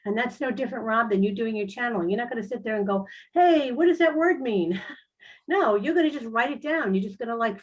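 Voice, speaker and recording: A woman's voice: a little high, low-quality recording. A middle-aged woman speaking as a spiritual guest on an online talk show, telling personal stories in a chatty, earnest way with many fillers. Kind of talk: casual personal storytelling.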